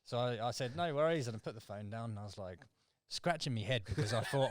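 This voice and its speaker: A man's voice: mid-range voice, lively intonation, quick pace, dry recording, clean studio sound. A man, a recruiter, telling a work story in a laid-back, slangy casual chat.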